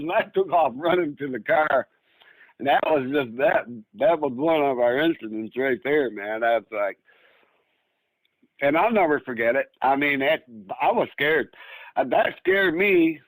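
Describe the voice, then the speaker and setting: The recording is dry and low in quality. On it, a Northern Michigan man around sixty, his voice a little high and unhurried, spins a long, rambling story as a guest, restarting again and again and voicing the quoted speech of the people involved.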